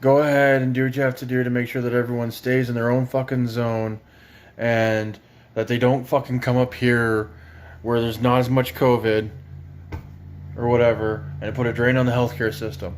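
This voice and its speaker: Ontario man, young, mid-pitched, sarcastic and profane, angry rant. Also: level tone, normal speed. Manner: angry, sarcastic, swears heavily. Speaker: parent ranting on video.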